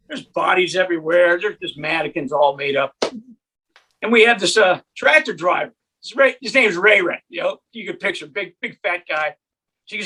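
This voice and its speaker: A male comedian spins a long story on a video stream from home, now and then slipping into voices for the people in it. His tone is bright and a little husky, and his pitch swings widely as he tells it. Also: expressive, normal speed. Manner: storytelling with acted voices and bursts of laughter. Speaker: stand-up comedian. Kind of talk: virtual stand-up set.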